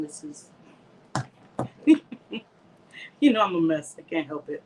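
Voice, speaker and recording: A woman's voice: low voice, sing-song, slow pace, pauses often, darkish tone, slight background noise, low-quality recording. A middle-aged woman hosting a casual livestream from home on a close phone mic, laughing often, reading comments aloud and dropping in Spanish words. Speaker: livestream host.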